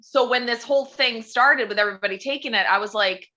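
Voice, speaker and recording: Woman, clear bright voice, friendly anecdote teller on a call. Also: fairly high pitch, fast, dull audio. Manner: chatty anecdote-telling. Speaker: improv participant. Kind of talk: casual chat.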